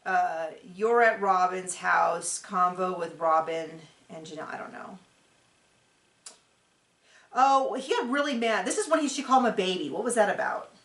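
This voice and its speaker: A woman's voice: lowish voice, lively intonation, normal speed, a bit bright. A woman hosting a reality-TV recap, chatty and opinionated, rambling with lots of fillers. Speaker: TV show recap host. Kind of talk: casual reality-TV recap commentary. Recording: echoey room.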